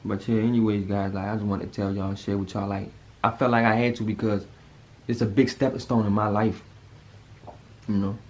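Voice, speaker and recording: A man, telling a personal story to camera in a casual, animated way that leaps up in pitch when he acts out panic. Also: brisk. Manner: animated, jumps high when acting out panic.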